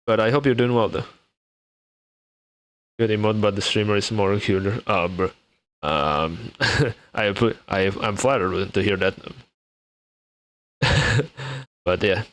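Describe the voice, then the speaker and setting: A man's voice: on the low side, slow, long pauses, fairly bright tone. Laid-back young man streaming. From Indonesia. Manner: laughs often, restarts, mixes English with Indonesian. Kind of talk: casual live-stream chat.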